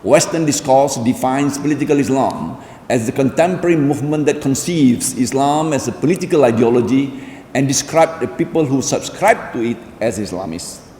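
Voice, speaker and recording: A man's voice: mid-range voice, lively intonation, warm tone, slight background noise. Man lecturing in an echoey hall. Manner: measured, deliberate delivery with formal phrasing. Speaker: lecture speaker. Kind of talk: formal public lecture. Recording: echoey hall with faint ambience.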